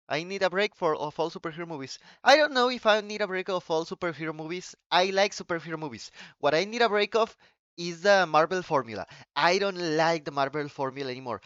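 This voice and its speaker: Male streamer whose first language is Spanish, with a fairly high, smooth voice. He rants in a quick, excitable way, swears freely and restarts his sentences. The sound is dry and slightly muffled. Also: no room sound. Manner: excitable, profane ranting with restarts. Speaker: live streamer. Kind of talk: casual live-stream chat.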